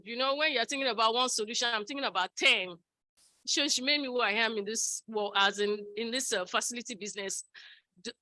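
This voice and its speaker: Young woman, high bright voice, emotional and grateful, dry close sound. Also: no echo, rough recording. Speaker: former staff member giving thanks.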